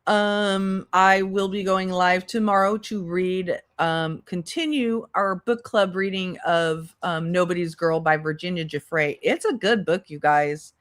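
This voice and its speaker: A woman's voice: fairly low pitch, measured pace, few pauses. A woman hosting a commentary livestream, sarcastic and exasperated, swearing as she talks to her chat. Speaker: commentary channel host.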